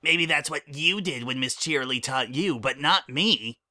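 A man reading a story aloud and voicing a cheerful, giggly young colt boy in an excited, squealing way. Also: on the high side, normal speed.

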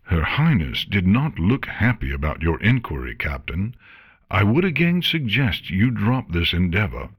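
A man voicing a worried, cautious male lieutenant who speaks softly in a fan storybook reading. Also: low voice, very animated, moderate pace, husky, pitched above the performer's own voice, heavily acted. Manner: soft-spoken, pleading.

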